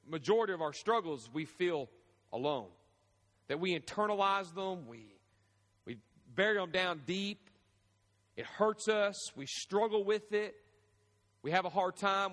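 A man preaching with a high, bright voice, and he tells the story with energy, jumping into the voices of its characters now and then. His voice rings through a large church hall with a long echo trailing behind it. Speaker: pastor. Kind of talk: sermon. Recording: echoey hall with long reverb.

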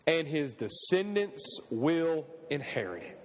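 A man's voice: fairly high pitch, takes it slowly. A man preaching a sermon as pastor of his church, with rising and falling delivery and questions tossed to the congregation. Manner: animated preaching with call-and-response questions. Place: church sanctuary. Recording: long hall reverb.

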